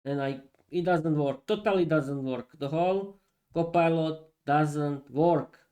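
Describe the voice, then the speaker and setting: Guy teaching english on a stream, kinda high voice, slow and stop-start, laughs a lot. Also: a little mellow. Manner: halting, laughs often, restarts sentences. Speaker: English teacher and podcast host. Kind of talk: casual live-stream lesson.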